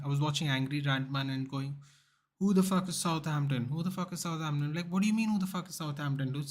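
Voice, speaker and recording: A man hosting a football watchalong livestream, talking casually in a rambling, opinionated way and often calling listeners "dude". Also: a little high.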